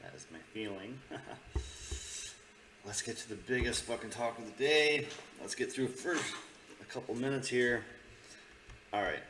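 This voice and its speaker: A man's voice: lowish voice, measured pace, pauses often, a bit bright. Sarcastic man commentating in a roomy space. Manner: sarcastic, swears, mocks clips. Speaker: host. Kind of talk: casual commentary. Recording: roomy with faint noise.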